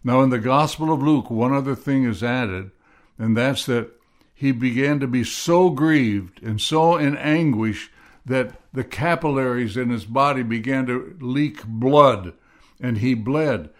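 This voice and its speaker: A man preaching a sermon, reading scripture aloud in a deliberate way and pressing hard on key words. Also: medium pitch. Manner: slow, deliberate reading, rising to emphatic stresses. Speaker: pastor.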